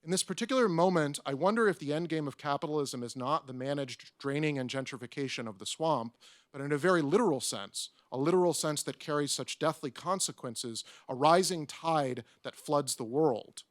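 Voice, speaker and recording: A man's voice: on the high side, expressive, fairly quick, no room sound, studio quality. A man, an academic panelist, reading a prepared talk aloud with wry, self-mocking asides. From United States. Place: conference room.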